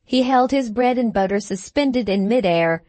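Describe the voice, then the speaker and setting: A woman narrating a classic novel as an audiobook in a measured, expressive way. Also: on the high side, no room sound. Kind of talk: scripted narration.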